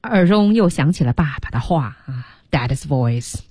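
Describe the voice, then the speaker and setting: This radio English teacher has a low-pitched, mellow, slightly rough voice with lively intonation and an unhurried pace. Hosting a bilingual lesson from a radio studio, she explains animatedly and blends English words into her talk. The recording is dry.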